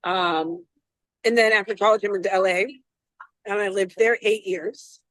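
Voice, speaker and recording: A woman's voice: medium pitch, fairly even intonation, moderate pace, a bit bright, no room sound, rough recording. Female chef guest, conversational and rambling, pokes fun at herself; dead-dry sound. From Florida, US. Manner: chatty, rambling, self-deprecating. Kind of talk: casual interview chat.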